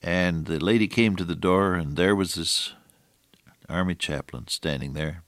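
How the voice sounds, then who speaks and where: An older man preaching a sermon, moving between hushed storytelling and raised, emphatic exhortation with slow, deliberate phrasing. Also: low voice, no echo, studio quality.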